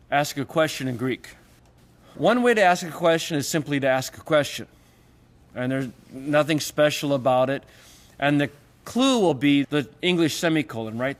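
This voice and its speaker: A man teaching Greek grammar in a lecture, explaining patiently and voicing the example questions he quotes. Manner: explanatory, acts out quoted questions with raised pitch. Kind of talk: recorded classroom lecture.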